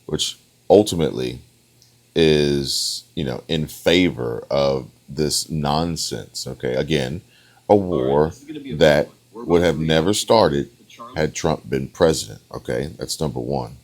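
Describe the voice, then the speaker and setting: A man's voice: extremely low pitch, takes it slowly. A man giving opinionated, rambling reaction commentary on a debate clip, often punctuating his points with "okay?". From United States. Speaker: online political commentator.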